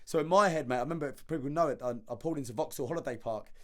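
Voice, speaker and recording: A man, a podcast guest telling his story in casual conversation, animated and slangy, often repeating words as he acts out the dialogue. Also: a little high, very fast.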